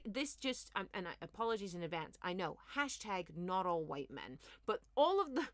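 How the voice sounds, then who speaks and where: A woman rants through the week's politics with quick jokes, sarcasm and sudden mocking impressions. Her voice sits at a medium pitch and is recorded dry and close, with no room sound. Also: dry recording. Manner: animated, mocking, slips into mimicking voices. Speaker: comedian and news show host. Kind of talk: comic news commentary with chat replies.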